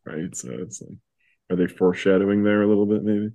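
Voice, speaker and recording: A man's voice: on the low side, fairly even intonation, brisk, creaky, mellow. A man co-hosting a podcast, chatting casually about a comic book and thinking aloud. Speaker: podcast co-host.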